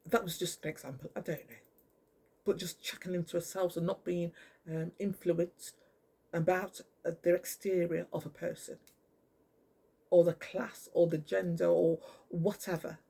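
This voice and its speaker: A voice pours out an angry, profanity-laced, rambling monologue straight to camera. The tone sits dark and mellow, with a gravelly fry and a husky, breathy edge. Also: mid-range voice, little pitch movement, normal speed.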